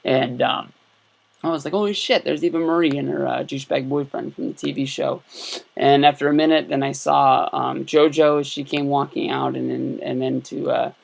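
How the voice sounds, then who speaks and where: A man in his thirties recaps his trip for his vlog in a loose, unscripted way. His voice has a heavy gravelly rasp at a middling pitch. He keeps circling back with fillers and restarts. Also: flat delivery, moderate pace. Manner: rambling, many fillers and restarts. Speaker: YouTube vlogger. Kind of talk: casual storytelling vlog.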